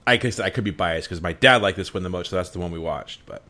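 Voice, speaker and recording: A man with a fairly low voice co-hosts a relaxed film podcast. He talks in an easygoing way and laughs a lot between points. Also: fast. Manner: laid-back, laughs often. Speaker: podcast co-host. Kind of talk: casual movie podcast chat.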